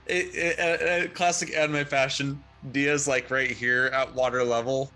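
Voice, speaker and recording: A man's voice: medium pitch, little pitch movement, unhurried, pushed and bright, soft background music. A man playing a tabletop game, rambling with many fillers and laughs. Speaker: player.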